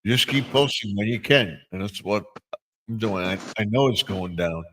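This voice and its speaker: A man's voice: on the low side, moderate pace, fairly bright tone, slight background noise, poor audio. An older man hosting a live stream, chatting casually and rambling, with many restarts and fillers. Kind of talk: casual chat.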